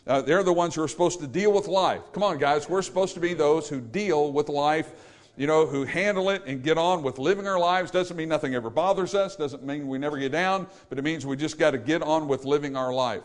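A man's voice: on the high side, brisk. A man delivers a sermon. He preaches bluntly and folksily, with asides to the listeners in the pews. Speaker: pastor.

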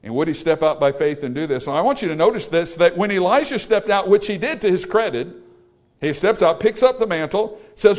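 A man's voice: high-pitched, fairly quick. A man preaching a sermon, storytelling and acting out the people he quotes. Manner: animated, acts out quoted voices.

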